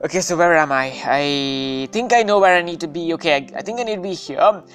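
Excitable woman narrating her gameplay. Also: fairly low pitch, a little fast, soft background music. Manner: excitable, anxious, often says "dude". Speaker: gaming video host. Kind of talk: casual gameplay commentary.

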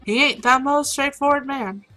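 A woman's voice: high-pitched, normal speed, pushed and bright, voice pushed up, poor audio. A woman voicing a breezy hacker who calls people hun, attempting a drawl and reading the lines aloud. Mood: easygoing.

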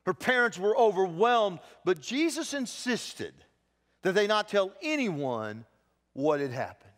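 A man's voice: sits high, sing-song, measured pace, a bit bright. A man preaching a sermon as pastor, telling the story with animation and acting out the voices of people he quotes. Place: church sanctuary. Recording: long church hall reverb.

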